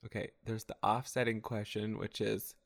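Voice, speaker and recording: A man's voice: lowish voice, flat delivery, normal speed, gravelly. A man in casual chat, laughing often and reading example phrases aloud playfully.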